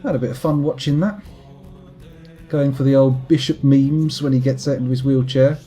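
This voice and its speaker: A man's voice: mid-range voice, normal speed, dark tone, faint music behind. A man streaming a game late at night, chatting in a rambling, wry, self-mocking way to his viewers. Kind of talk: casual live-stream chat while gaming.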